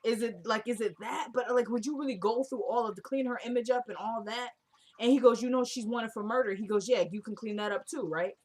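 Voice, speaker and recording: A woman's voice: a little high, a little fast. A young woman, chatting casually as she recaps a TV drama and acts out the characters' lines. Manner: animated retelling, acts out characters' lines with voice shifts. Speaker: TV recap vlogger.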